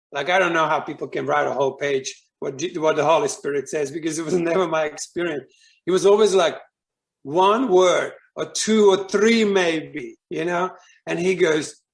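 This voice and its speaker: A man's voice: on the high side, creaky. A man giving a candid spiritual testimony as a guest speaker, telling his story with frequent laughs and the odd swear word.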